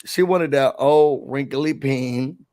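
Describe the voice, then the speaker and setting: A man co-hosting a casual TV recap show, animated, acting out quotes in a raised voice. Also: mid-range voice, slow pace.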